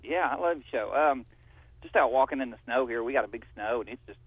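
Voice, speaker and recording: A man's voice: medium pitch, expressive, fast talker, no room sound, phone-quality sound. A man with an Eastern Kentucky accent calling in to a radio show, with a chuckling, folksy drawl. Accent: Southern US, Eastern Kentucky. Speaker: caller. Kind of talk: phone-in chat on a radio show.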